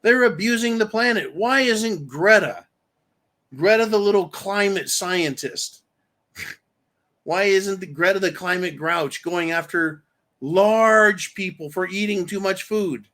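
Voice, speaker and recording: Slow-talking ranting male commentary host. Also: high voice, sharp tone. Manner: angry, profane, reads viewer comments aloud.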